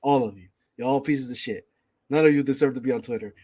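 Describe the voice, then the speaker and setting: A man's voice: medium pitch, quick pace, warm tone, breathy edge. A man hosting a casual gaming podcast, ranting with heavy profanity and reading out chat names. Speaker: podcast host.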